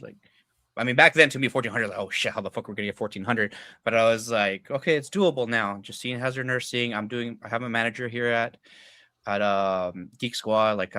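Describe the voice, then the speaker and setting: A man's voice: mid-range voice, bright, forceful tone, no echo. A young adult man, a podcast guest, telling personal stories in a loose, casual way, swearing freely, leaning on filler words and acting out what people said. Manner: loose and profane, heavy filler words, acts out quoted dialogue. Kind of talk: casual storytelling chat.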